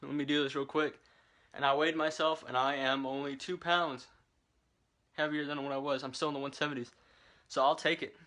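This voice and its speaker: A man's voice: mid-range voice, steady tone, a little fast, sharp tone. A young man vlogging casually from his bedroom, rambling and chatty, filming on a handheld camera. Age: young adult. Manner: rambling, chatty, lots of fillers. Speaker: vlogger and military recruit.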